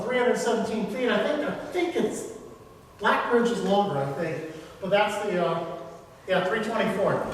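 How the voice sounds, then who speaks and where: A man with a high voice gives a public lecture on local history, telling the story conversationally with filler words. He was recorded from far off in an echoey hall, with faint ambience and a little hiss or hum.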